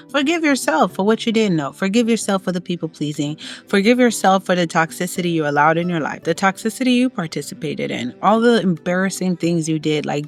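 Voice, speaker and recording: A woman's voice: fairly low pitch, animated, fairly quick, soft background music. A woman giving motivational advice in a monologue, emphatic and preachy, repeating her key phrases for stress. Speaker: self-help vlogger.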